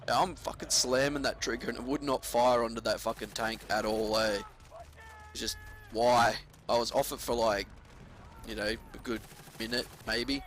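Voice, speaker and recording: A man's voice: medium pitch, steady tone, normal speed, a bit bright, slight background noise. A young man casually commentating over his gameplay at home, laid-back with frequent swearing and ranty asides.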